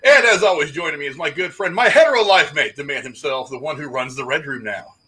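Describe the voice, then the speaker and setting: A man hosts a live stream with a bright, forceful, slightly high voice. He talks in an energetic, loose ramble and laughs off his own mistakes as he goes. The tone is casual banter with friends. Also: quick pace, low-quality recording. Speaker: podcast host.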